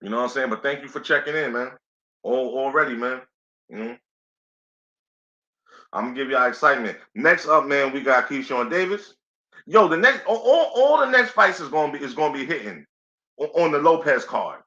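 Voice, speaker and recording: Male stream host, easygoing and talkative, bright tone, dull lo-fi mic. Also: mid-range voice, sing-song, normal speed. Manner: laid-back, chatty, says "you know what I'm saying" a lot. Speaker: boxing play-by-play host. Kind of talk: casual live commentary stream. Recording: echoey room, dull lo-fi sound.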